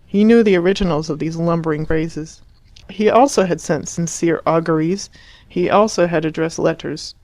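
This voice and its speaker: A woman narrating an audiobook in a measured, expressive reading voice. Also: low-pitched, no room sound. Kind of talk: scripted narration.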